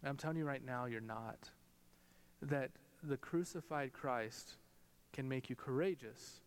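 A pastor in his thirties gives a conversational sermon full of family stories, his pitch jumping up whenever he quotes others. He speaks at a measured pace with a clean tone. The church sanctuary adds a long hall reverb.

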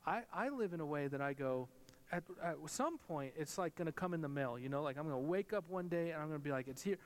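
Pastor preaching in a reverberant hall. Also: male voice, lively intonation, fast talker. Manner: conversational storytelling, pitch jumps when quoting others. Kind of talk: sermon. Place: church sanctuary.

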